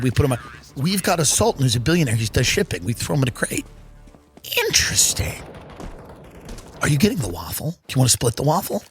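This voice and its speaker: A man's voice: fairly bright tone, a little hiss or hum. Sarcastic ranting podcast host, man. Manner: sarcastic, riffing, acts out mock dialogue; swears freely, big swings in pitch. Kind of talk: comedic podcast monologue.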